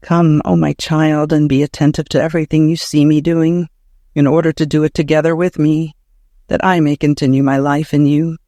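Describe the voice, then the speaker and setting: A man voicing a gentle, solemn Jesus. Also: fairly high pitch, level tone, moderate pace, no echo, close to an everyday voice. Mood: tender.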